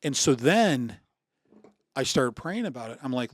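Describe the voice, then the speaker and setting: A man's voice: medium pitch, unhurried, dry recording, clean studio sound. A man in his sixties from Michigan, a podcast guest telling a personal story in casual conversation, acting out what others said with lots of restarts. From Michigan, USA. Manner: animated storyteller acting out dialogue, many restarts.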